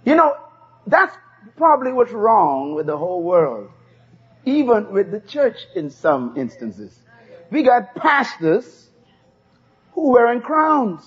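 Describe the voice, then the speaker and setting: A man's voice: high-pitched, huge pitch swings, takes it slowly, pauses often, breathy edge. A man preaching a sermon, emphatic and repeating key phrases for the congregation to say back. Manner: emphatic call-and-response preaching. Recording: dull lo-fi sermon tape.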